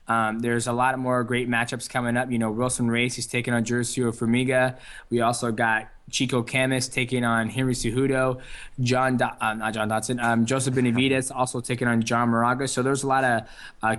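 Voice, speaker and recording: A young man talks through an interview at an easygoing pace. His speech is loose and full of fillers and restarts. His voice sits at an average pitch. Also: a bit bright. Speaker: interview guest, fighter. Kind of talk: casual phone interview.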